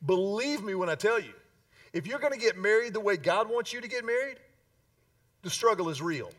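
A man preaching a sermon as pastor, emphatic, with dramatic pauses and slowed key phrases. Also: high voice, expressive, fairly bright tone, distant mic.

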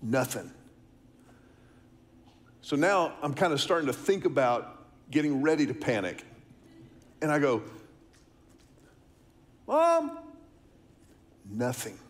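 A man's voice: on the high side, measured pace, long pauses. A middle-aged man, preaching a sermon, telling a story and asking the congregation questions. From Texas, US. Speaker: pastor.

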